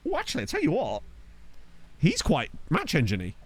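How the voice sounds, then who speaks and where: A man with a slightly high, husky voice talks a little fast, his pitch swinging hugely. He is a gaming YouTuber doing casual let's-play commentary into a desktop USB microphone, chatty, swearing freely, and laughing at his own jokes.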